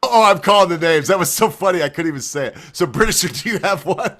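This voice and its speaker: A man's voice: high voice, lively intonation, fast, background noise. A man hosting a casual group chat, rambling loosely and laughing often. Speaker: host.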